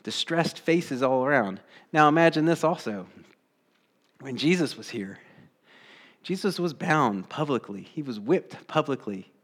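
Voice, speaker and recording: A man preaches a sermon in an easy, conversational voice that sits a bit high for a man. He keeps asking his listeners rhetorical questions and jumps into quoted voices with sudden bursts of energy. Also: animated, a little slow. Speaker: pastor.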